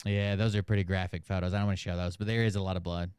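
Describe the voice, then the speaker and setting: A man's voice: low voice, level tone, racing, a little mellow, clear, resonant tone, no echo, clean studio sound. A man hosting a casual commentary show, reading emails aloud with sarcasm and swearing. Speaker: host.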